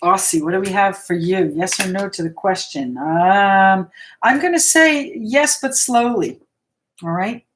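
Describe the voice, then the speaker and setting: An American woman reads tarot cards live, chatty and reassuring, often thinking out loud as she turns the cards. Her pitch sits in a middle range. A faint hiss runs under the recording. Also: expressive, measured pace. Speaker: tarot reader hosting a live Q&A. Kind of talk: live-stream card reading, answering viewers.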